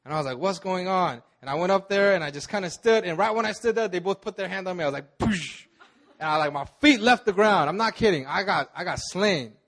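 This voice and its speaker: A man's voice: sits high, quick pace, hardly any pauses, a bit bright. A man in his thirties, a pastor, telling his own story in a sermon in a casual, slangy way with many restarts. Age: 30s. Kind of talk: sermon testimony.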